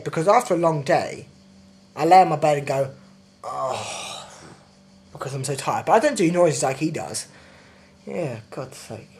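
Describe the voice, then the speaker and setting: A man's voice: on the high side, a little mellow. Sweary, indignant young Englishman ranting. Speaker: vlogger. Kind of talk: ranting video diary.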